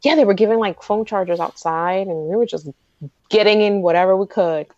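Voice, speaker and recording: A woman guest co-hosting a fan podcast, excitable and rambling in casual chat. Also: mid-range voice, dry recording, dull audio. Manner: excitable, rambling, talks fast when excited. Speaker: guest co-host.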